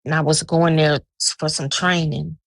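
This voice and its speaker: A woman with a low, gravelly voice tells a dream to friends on a live video call, acting out each person's lines as she goes. Her voice is pitched low with plenty of fry. The sound is close and dry. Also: moderate pace, no room sound. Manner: animated storyteller, acting out quoted dialogue. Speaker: live stream guest telling a dream. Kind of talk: casual storytelling chat.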